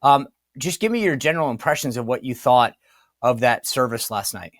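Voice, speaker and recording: A man's voice: medium pitch, expressive, a little fast, fairly bright tone, dry recording, clean studio sound. A man hosting a talk show, chatting loosely through sponsor reads and stumbling over words. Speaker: podcast host. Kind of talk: casual host talk with ad reads.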